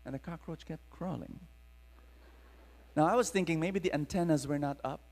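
Fairly high-pitched and speaking at normal speed, a male Filipino preacher gives an animated storytelling sermon. He engages the live crowd dramatically, and the large hall adds long reverb.

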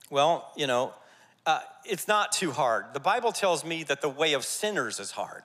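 Male pastor, bright energetic preacher voice, reverberant sanctuary. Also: fairly high pitch, normal speed. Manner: energetic, jokey, rallying the congregation. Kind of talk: sermon. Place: church sanctuary. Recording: church hall reverb.

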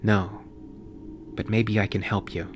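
A man's voice: fairly low pitch, level tone, a little slow, over music, close to an everyday voice. A man reading an audiobook voices a tough, determined woman who speaks firmly and commandingly. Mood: low firm. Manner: firm, commanding.

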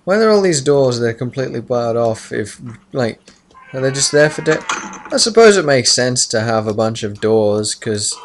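A man's voice: mid-range voice, very animated, normal speed. Man, casual let's play commentary, chatty, rambling, faint background hiss. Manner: chatty, rambling, mutters when concentrating.

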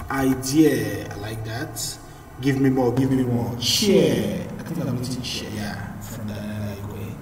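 A man teaching an online class, lively and encouraging as he reads out student answers. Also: medium pitch, a little hiss or hum. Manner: lively and encouraging, repeats praise. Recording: roomy, echoey audio from far off the mic.

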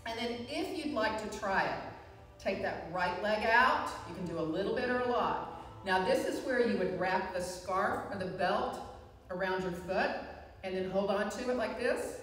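A woman instructor guiding a live chair yoga class, with calm, encouraging cues and frequent reminders to breathe. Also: medium pitch, moderate pace, far from the mic. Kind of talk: live guided fitness class. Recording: echoey hall, voice from afar.

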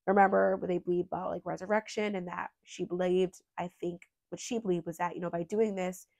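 A woman's voice: fairly low pitch, steady tone, a little fast, vocal fry, darkish tone. A woman hosting a true crime channel, talking earnestly and with emotion, at times holding back tears and rambling with fillers.

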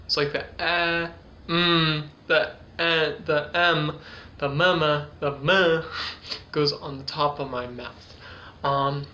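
A man teaching ventriloquism in a casual tutorial, talking slowly and hesitantly with many fillers. His voice is bright and forward. Faint hiss sits in the background. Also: on the high side. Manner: hesitant, full of fillers, demonstrating sounds.

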